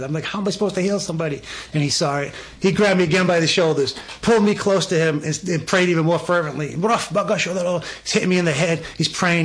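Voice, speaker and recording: A man tells his story with growing excitement and acts out each person's words. His voice sits fairly high and sounds husky. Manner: excited, animated storyteller acting out dialogue. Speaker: guest. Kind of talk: testimony storytelling.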